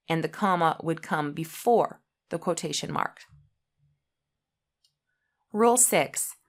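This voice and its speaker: A woman teaching an English punctuation lesson, reading example sentences aloud in a deliberate way and saying each comma out loud. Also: on the low side.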